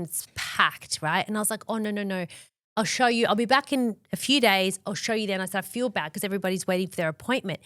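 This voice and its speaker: A woman's voice: medium pitch, no echo, studio quality. An Australian woman in her forties, a podcast guest telling her story candidly and acting out the dialogue she quotes. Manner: animated, acts out quoted dialogue, frequent "like".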